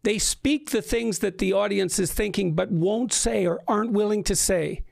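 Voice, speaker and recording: A man hosting an interview conversation, speaking haltingly and repeating words as he thinks. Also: sits high, creaky, a little mellow, no echo, clean studio sound. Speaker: podcast host.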